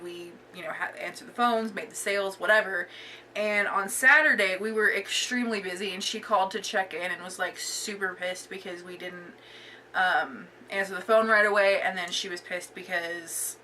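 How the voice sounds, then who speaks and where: A woman's voice: medium pitch, steady tone, normal speed, sharp tone, distant mic, a little hiss or hum. A young woman vlogger telling a casual storytime, chatty and full of filler words.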